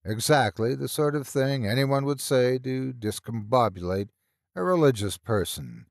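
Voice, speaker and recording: A man's voice: mid-range voice, expressive, measured pace, gravelly, no room sound. A man doing a furious senior psychiatrist in an audio horror story, all venomous sarcasm and scorn. He snaps and sneers at every suggestion, in a dry, close-miked voice.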